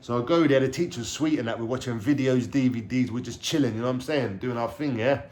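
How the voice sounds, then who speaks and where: A man with a London accent recounts a story straight to camera, lively and animated. His talk is loose and streetwise, thick with slang and casual swearing. His voice sits at an ordinary middle pitch for a man. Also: fast. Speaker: vlogger telling his life story.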